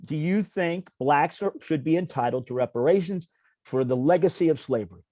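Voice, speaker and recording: Brief: male comic co-host, fairly high voice, emphatic and interrupting, dry close recording. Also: brisk, warm tone, dry recording. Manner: emphatic, interrupts and talks over others. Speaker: comedian co-host. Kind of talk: comedic talk-show banter.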